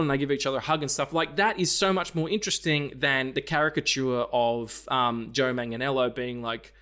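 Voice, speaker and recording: A man's voice: mid-range voice, normal speed. A man co-hosting a podcast, chatting casually about a film, acting out lines and swearing freely. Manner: animated retelling, acts out lines, swears freely. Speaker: podcast co-host.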